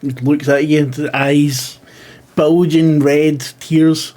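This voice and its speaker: A man narrating a tabletop role-playing game as game master. His narration is plain and steady, and his voice sits a little high. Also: slow.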